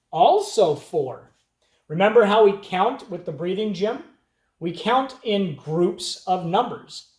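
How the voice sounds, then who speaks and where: Music teacher, young kids' lesson, slow patient counting, lively pitch, roomy echo.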